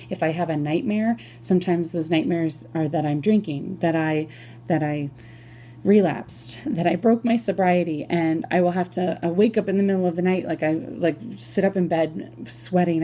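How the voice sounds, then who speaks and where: A woman performs a confessional comic story on her own. She sounds casual and chatty, with lots of "like" and quick self-corrections. Her voice sits a little low and comes across mellow. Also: slight background noise. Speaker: solo performer.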